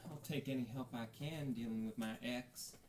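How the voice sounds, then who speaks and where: A man voicing a tough, suspicious female elf mechanic, raising his pitch and talking curtly. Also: steady tone, normal speed, darkish tone, a little hiss or hum, lightly acted. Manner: curt and suspicious.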